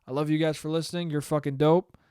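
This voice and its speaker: High, clear-voiced man ranting on a podcast. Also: level tone, fast talker, warm tone, dry recording, clean studio sound. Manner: profane, rambling, self-deprecating. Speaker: podcast host. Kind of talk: solo casual podcast rant.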